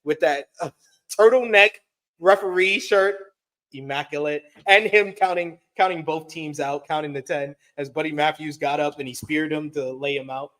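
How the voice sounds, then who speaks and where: A man hosting a wrestling review show, recapping events and calmly defending his own take in casual chat. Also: fairly high pitch, normal speed. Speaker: host.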